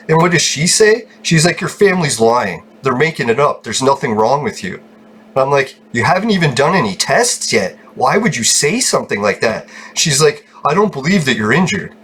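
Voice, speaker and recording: A man's voice: medium pitch, fairly bright tone, breathy edge. Rambling foul-mouthed man. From Canada. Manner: rambling, profane, laughs often. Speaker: gaming channel host. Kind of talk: casual chat while gaming.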